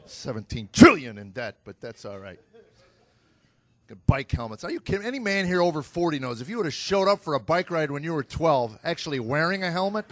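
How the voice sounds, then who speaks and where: Exasperated middle-aged comedian, high voice. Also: male voice, brisk. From America. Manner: deadpan storytelling with exasperated asides. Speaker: stand-up comedian. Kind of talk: stand-up comedy routine. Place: stage before a live audience.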